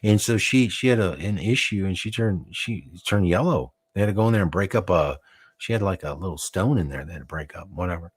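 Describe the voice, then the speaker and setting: A low-pitched man holds forth as the host of a live broadcast, riffing through stories with plenty of fillers and casual swearing. His voice sits close and dry on the mic. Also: lively intonation, fairly quick, husky, no echo. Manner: rambling, joking, profane, frequent fillers and restarts. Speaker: show host.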